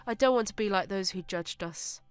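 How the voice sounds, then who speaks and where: A woman narrator voicing a shy, grateful young woman who speaks in a soft, earnest way. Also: mid-range voice, brisk, clean tone, no echo, lightly acted. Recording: dry close narration with soft music.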